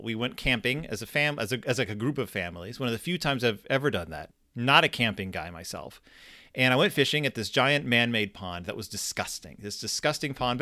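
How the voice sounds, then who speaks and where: A man in his thirties hosts his own podcast, telling rambling, self-deprecating stories in a casual monologue and often restarting his sentences. His bright, lively voice swings widely in pitch, and the recording is dry and close with no room sound.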